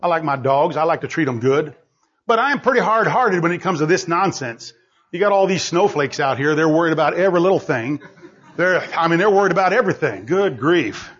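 A male preacher giving an emphatic sermon full of rhetorical questions, swinging between loud and hushed delivery, on a dull lo-fi recording. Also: fairly high pitch, expressive, fairly quick, slightly rough.

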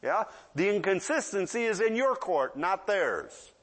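An older man in his sixties delivers a sermon in a relaxed, conversational style, with a fairly high-pitched voice. He keeps checking in with his listeners and slips into children's voices to make his points. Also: a little slow. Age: 60s. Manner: conversational, often asks the audience "yeah?"; acts out children's voices in asides. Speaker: preacher.

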